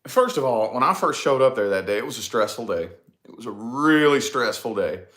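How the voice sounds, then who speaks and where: A man in his thirties co-hosting a casual chat, telling a story with swearing and voice jumps when he gets excited. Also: mid-range voice, fairly quick. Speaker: podcast co-host.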